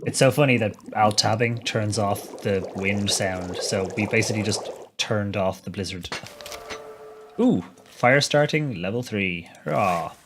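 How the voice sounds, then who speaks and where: A man's voice: lowish voice, measured pace, noisy background. A man with a Dublin Irish accent, chatting easily with viewers while streaming a game and laughing often. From Ireland. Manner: chatty and easygoing, laughs often, answers chat messages. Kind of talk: live gameplay commentary, chatting with viewers. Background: music.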